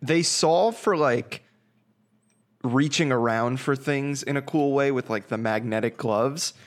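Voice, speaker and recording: A man co-hosting a podcast, chatting in a relaxed way with casual swearing. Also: medium pitch, unhurried. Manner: laid-back, swears casually. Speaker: podcast co-host. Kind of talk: casual chat.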